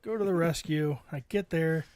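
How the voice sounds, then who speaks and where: High-voiced man telling a story. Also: moderate pace. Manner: animated storyteller, acts out quoted voices, laughs often. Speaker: podcast co-host. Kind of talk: casual storytelling among friends.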